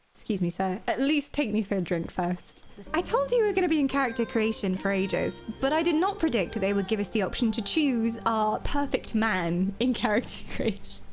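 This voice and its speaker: A woman streaming a game, chatting in a playful, flirty, self-mocking way. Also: mid-range voice. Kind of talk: casual live-stream commentary.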